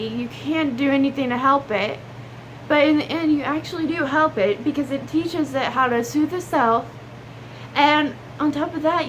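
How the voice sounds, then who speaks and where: A woman's voice: high voice, a little hiss or hum. A young woman, chatting earnestly in a casual advice vlog and saying y'all. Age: young adult. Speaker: vlogger.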